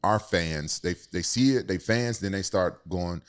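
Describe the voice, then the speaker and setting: A man hosting his podcast in casual talk, with a very low, deep voice. He speaks loosely and conversationally, doubling back on words as he works out his point. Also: a little slow, clear, resonant tone. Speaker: podcast host.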